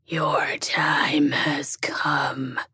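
A woman voicing a menacing fanged male demon in a low, breathy, growling whisper, as whispered role-play in an audiobook story. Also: level tone, very slow, sharp tone, no echo, clean studio sound, exaggerated voice.

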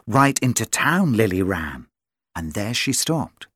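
A storyteller reads a children's picture book aloud with a sing-song lilt and wide swoops of pitch. The delivery is slow and unhurried. The recording is dry and close. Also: sing-song, a bit bright, breathy edge, no room sound.

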